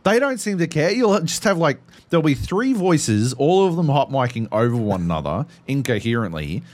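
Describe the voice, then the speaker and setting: A man's voice: medium pitch, big pitch swings, moderate pace, darkish tone. A man, co-hosting a podcast, telling stories in a profane, rambling, casual way. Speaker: podcast co-host. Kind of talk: casual chat.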